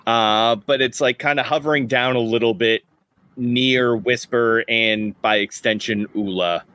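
A man playing a tabletop game, deliberate and hedging with fillers. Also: mid-range voice, steady tone, sharp tone, no room sound. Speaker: player.

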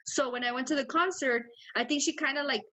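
A woman's voice: sits high, fast talker, low-quality recording. A young woman co-hosting a podcast, telling a rowdy story in casual chat, swearing freely and acting out quotes. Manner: animated, swears a lot, acts out quotes. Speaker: podcast co-host.

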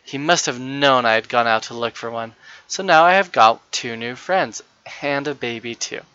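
Man doing a shy, eager little girl in a storybook, bright and pitched up, dry lo-fi sound. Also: moderate pace, clean tone, no room sound, natural voice. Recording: dull, lo-fi dry recording.

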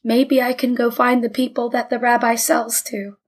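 A woman voicing a stubborn, proud middle-aged father in a storybook reading, blunt and quick to anger. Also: fairly high pitch, flat delivery. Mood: subdued.

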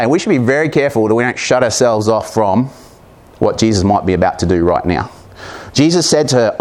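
Guy preaching, reads the bible passage then jokes around about it, mid-pitched voice. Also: animated, a little fast, a little mellow. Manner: conversational and humorous, breaking into readings with asides. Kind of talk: sermon reading and explaining scripture.

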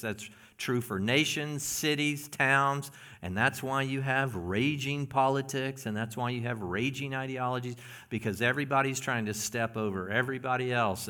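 A man preaching a sermon as pastor, earnest and often hushed, building into emphatic passages. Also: medium pitch.

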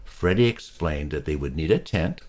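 A man reading a children's storybook aloud, slow and lively, with voices for each character. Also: very deep voice. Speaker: narrator.

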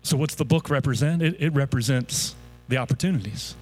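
A man's voice: mid-range voice, fairly quick, soft background music. A male pastor preaching a sermon, leading the congregation in call-and-response declarations and building to impassioned peaks. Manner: rousing call-and-response preaching, rising to shouts.

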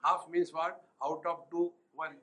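A man's voice: on the high side, flat delivery, measured pace, heavy background noise. A man with an Indian English accent giving a spiritual retreat talk, telling anecdotes with humor and chuckling often. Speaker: spiritual teacher. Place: retreat hall.

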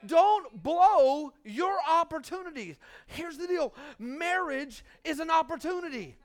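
A man preaching a sermon to a congregation, joking and urging the crowd with "come on, somebody", swinging between loud bursts and quiet asides. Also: extremely high pitch, animated, measured pace. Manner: humorous, call-and-response urging "come on somebody". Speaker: pastor. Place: church before a congregation.

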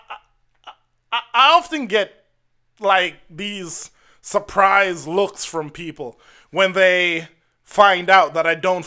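A man's voice: high voice, sharp tone. A man from Jamaica telling personal stories to camera in a casual, earnest and wry way. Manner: earnest and wry, acts out the people in his stories. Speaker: vlogger.

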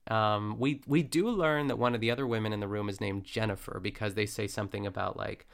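A man's voice: on the low side, a little fast, creaky, few pauses. A man hosting a podcast, recapping a cooking show in a chatty, playful way and laughing often. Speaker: podcast host. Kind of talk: casual recap chat.

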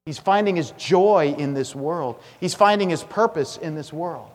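A male pastor with a fairly high voice, preaching in an emphatic, repetitive way and dropping from loud to hushed. His sermon carries a long reverb from the church sanctuary. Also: animated, unhurried. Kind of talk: expository sermon.

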